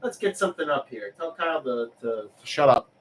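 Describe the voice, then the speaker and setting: A man hosting a live-streamed auction, chatting casually in a relaxed, rambling way as he answers chat questions between calls. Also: mid-range voice, brisk, a little hiss or hum. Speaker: livestream auction host.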